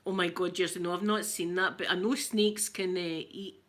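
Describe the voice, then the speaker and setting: Bright-voiced chatty Scottish woman. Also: fairly low pitch, moderate pace. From Scotland. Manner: chatty, animated storyteller. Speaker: ASMR channel host. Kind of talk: casual livestream chat.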